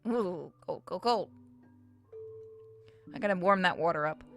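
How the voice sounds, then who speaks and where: A woman's voice: on the low side, a little slow, fairly bright tone, soft background music. A woman streaming a game, joking and swearing as she reads its dialogue aloud. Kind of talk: live gameplay commentary.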